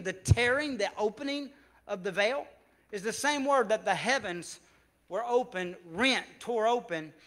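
High-voiced preaching Southern pastor. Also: male voice. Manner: emphatic preaching, swings from loud to hushed. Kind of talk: sermon. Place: church sanctuary.

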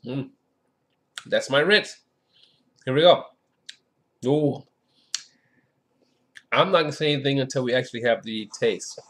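A man's voice: medium pitch, a little slow, long pauses, fairly bright tone. A man hosting a casual wine tasting review, chatty and enthusiastic, with lots of filler phrases.

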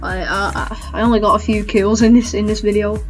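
A woman hosts a casual gaming reaction, talking at a middling pitch. She cringes and exclaims over her own clips, laughing at herself as she goes. Faint music plays underneath. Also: level tone, a little fast. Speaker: gaming YouTuber.

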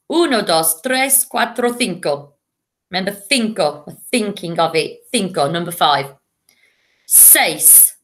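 A woman teaching a remote lesson to young children, drilling words patiently with clear call-and-repeat. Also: medium pitch, bright, forceful tone. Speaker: primary school teacher.

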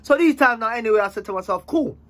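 A man's voice: extremely high pitch, rapid-fire. A man telling a story in a casual, slang-heavy way. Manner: animated, slang-heavy, acts out dialogue.

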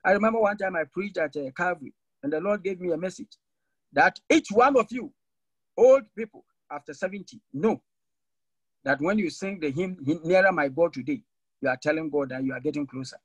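A man preaching a sermon to a church congregation, swinging between raised, pointed lines and sudden low, emphatic drops. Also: expressive, a little fast, no room sound, low-quality recording. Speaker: Methodist preacher.

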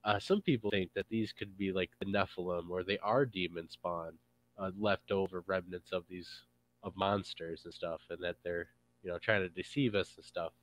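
A man's voice: low voice, steady tone, normal speed, a bit bright, a little hiss or hum, rough recording. A man hosting a casual interview, asking loose questions with fillers. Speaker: host.

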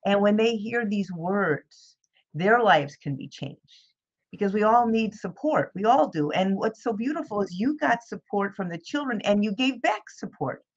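A woman's voice: medium pitch, expressive, normal speed. A woman hosting an interview, speaking in a supportive, affirming way. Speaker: interview host. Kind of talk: casual interview chat. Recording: slightly dull, lo-fi.

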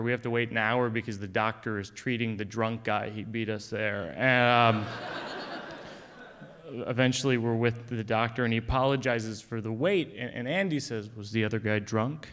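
A man telling a long comic story on stage, with a dry, wry, deadpan delivery. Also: mid-range voice. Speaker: comedian. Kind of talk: stand-up storytelling.

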